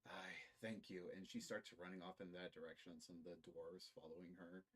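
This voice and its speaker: A man narrating as game master in a tabletop game, animated and swearing freely. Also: low voice, fairly quick, breathy edge, poor audio.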